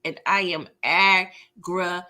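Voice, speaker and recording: A woman's voice: on the low side, slow pace. A woman hosting a casual live recap, talking animatedly to her viewers and often laughing as she goes. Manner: animated, chatty, talks straight to viewers. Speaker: host of a live show recap.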